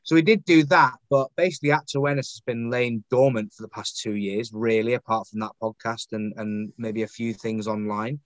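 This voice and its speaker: A man's voice: mid-range voice, fairly even intonation, fairly quick, hardly any pauses, dry recording. A man with a Northern English accent, a guest actor and poet talking casually in a podcast interview, rambling and self-deprecating with lots of fillers. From Northern England.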